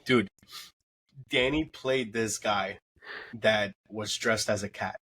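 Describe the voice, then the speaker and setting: Man, podcast host, casual late-night chat, animated storytelling, swears a lot. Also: on the low side, slow pace, slightly rough.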